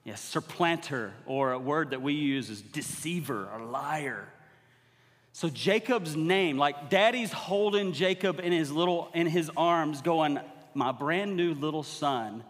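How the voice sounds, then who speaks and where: A man's voice: a little high, animated, measured pace, a bit bright. A man preaching a sermon as guest preacher, talking conversationally and building to emphatic exhortation. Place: church sanctuary. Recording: long hall reverb.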